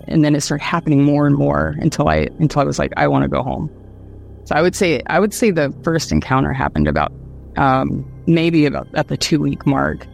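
A woman from Ohio, a guest telling a personal story in a halting way, with many fillers, restarts and nervous laughs. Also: deep voice, gravelly. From Dayton, Ohio, USA. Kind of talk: casual storytelling.

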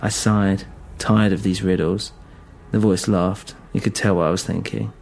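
A man telling a first-person horror story in a plain, steady way, with hesitant stammers. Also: deep voice, normal speed, creaky.

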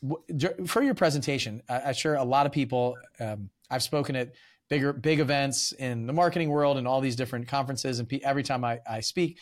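A man's voice: medium pitch, a little fast. Rambling man hosting a podcast. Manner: rambling with many fillers and restarts. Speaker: podcast host. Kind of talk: casual podcast interview.

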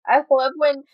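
A woman's voice: high voice, no echo, lo-fi sound. A young adult woman hosting a podcast in casual chat, talking freely and laughing often as she acts out her own reactions. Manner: chatty, laughs often, quotes herself in asides. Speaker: podcast host.

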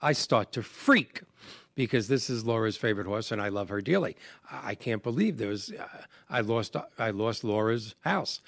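A man hosting a show, telling a casual story in an animated way and joking against himself. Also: on the low side, normal speed, no room sound, studio quality. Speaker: host.

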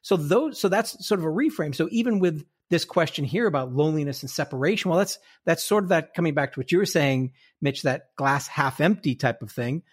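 A man with a fairly high voice talks as a podcast guest. He explains eagerly, restarting his sentences as the ideas come. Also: fairly quick, hardly any pauses, breathy edge. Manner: explanatory, lively, many restarts. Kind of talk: casual conversation.

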